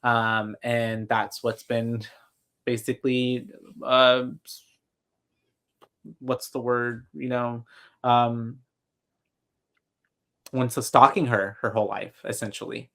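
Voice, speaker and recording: Man podcast co-host, rambling, filler-heavy movie recap, video call, mid-pitched. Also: level tone, slow pace, pauses often, pushed and bright. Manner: rambling, many fillers and restarts. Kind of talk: casual horror movie recap chat.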